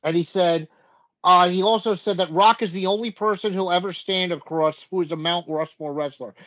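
A man's voice: high-pitched, fairly even intonation, normal speed, fairly bright tone. A man co-hosting a casual wrestling chat, recapping events in a rambling way with lots of fillers. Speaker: podcast co-host. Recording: dull lo-fi audio.

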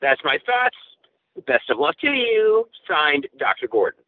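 A man's voice: big pitch swings, a little slow, no echo. A man playfully answering listener letters as a podcast co-host, in a theatrical manner. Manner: theatrical, sweeping pitch swings. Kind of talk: playful advice-column reading. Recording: dry, phone-like narrow sound.

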